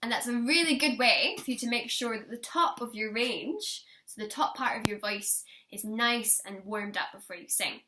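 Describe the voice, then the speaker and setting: A young woman teaching a singing lesson, encouraging her students and demonstrating warm-up lines for them to copy. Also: fairly high pitch, moderate pace, hardly any pauses, a little hiss or hum.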